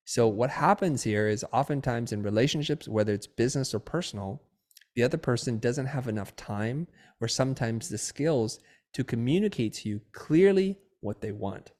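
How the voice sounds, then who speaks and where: Middle-aged guy on a podcast, telling a story, acts out all the voices, plain mid pitch. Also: normal speed. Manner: lively storyteller who acts out quoted dialogue. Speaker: podcast guest, designer and educator. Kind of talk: animated personal storytelling.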